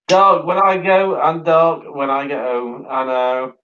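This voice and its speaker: On a muffled recording, a man with a fairly high voice hosts a casual livestream. He's from Sheffield, England, speaks with a Yorkshire accent, and though tired, he chats away, reads out viewer comments and often laughs.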